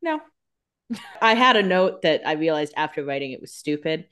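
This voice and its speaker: A woman co-hosting a casual podcast, chiming in with wry, jokey asides and quick banter. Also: sits low, animated, a bit bright, smooth. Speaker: podcast co-host. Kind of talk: casual chat.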